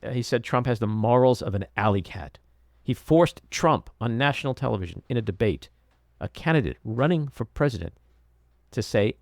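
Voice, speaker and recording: A male podcast host talks through politics in a forceful monologue. His pitch swings widely as he stresses points and mimics others. The sound is dry and close, with no room around it. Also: big pitch swings, moderate pace, no echo. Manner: emphatic, acts out quotes with rising pitch.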